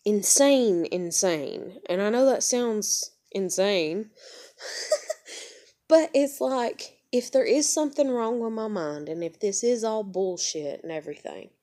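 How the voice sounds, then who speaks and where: A woman's voice: medium pitch, measured pace, warm tone. A young woman, rambling emotionally and swearing as she searches for words in a personal confession. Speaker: vlogger.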